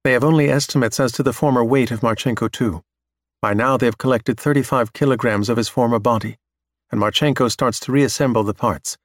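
A man reading a story aloud in steady, measured scripted narration. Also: medium pitch, no echo, clean studio sound.

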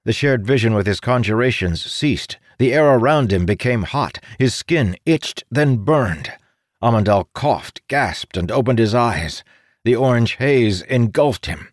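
A man narrating a fantasy story as an audiobook reader, in a dramatic, expressive read that leaps up for the characters' shouts. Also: medium pitch, measured pace, no echo, clean studio sound.

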